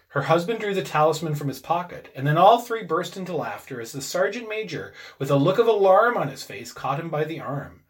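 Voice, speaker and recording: Man reading a ghost story, expressive, somewhat high voice, very lively. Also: fairly quick, few pauses. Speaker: reader.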